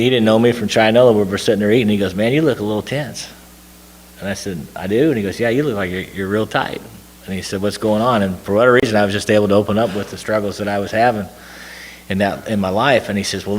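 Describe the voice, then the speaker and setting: Fast-talking man telling a story in a reverberant hall. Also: lowish voice. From Tennessee. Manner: rambling storyteller with many fillers and restarts. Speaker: recovery meeting speaker. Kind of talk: storytelling talk to a recovery group.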